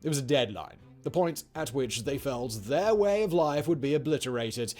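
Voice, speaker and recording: A man's voice: medium pitch, animated, normal speed, a little mellow, soft background music. A man narrating a scripted history piece with wry, jokey asides. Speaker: documentary narrator.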